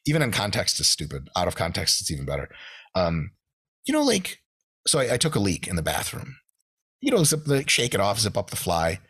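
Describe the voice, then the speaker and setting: A man's voice: fairly low pitch, fairly quick, slightly rough. A man with an American accent telling stories as a podcast guest, swearing often and acting out quotes in shifted voices. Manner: animated, profane, acts out quotes in shifted voices. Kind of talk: casual storytelling.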